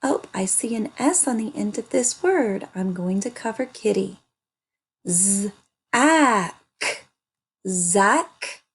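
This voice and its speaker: Sounding out words slowly for young children, a woman teaches an early reading lesson. Her husky, mid-range voice carries lively intonation.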